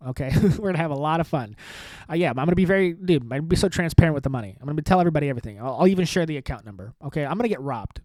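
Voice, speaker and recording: A man's voice: fairly high pitch, lively intonation, rapid-fire, darkish tone, no room sound. Sarcastic, rambling male comedian. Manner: sarcastic, self-mocking, says "dude" often. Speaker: comedian and podcast host. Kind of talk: rambling solo podcast sign-off.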